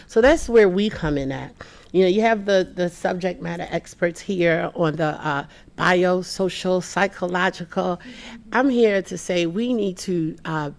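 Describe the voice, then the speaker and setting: A woman speaks as a panelist in a slightly low voice. She is earnest and keeps the talk moving by voicing the people in her stories, and she restarts and repeats words often. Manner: earnest, acts out quoted people in lively voices. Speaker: panelist on immigrant mental health.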